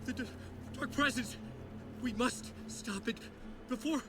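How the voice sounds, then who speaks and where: A man's voice: very high voice, measured pace, background noise. An actor playing a confused, shaken middle-aged male writer who stammers and sounds breathless. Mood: panicked.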